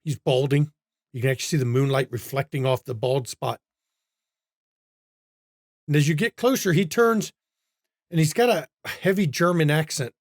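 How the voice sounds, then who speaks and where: A man's voice: fairly high pitch, normal speed, long pauses, no echo, clean studio sound. A man narrating a tabletop role-playing game as game master, describing scenes and calling for rolls. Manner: descriptive, calls rolls and difficulties.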